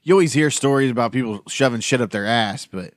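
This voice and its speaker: Crude joking podcast host. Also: male voice, mid-range voice, quick pace, dry recording, studio quality. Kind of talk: casual podcast chat.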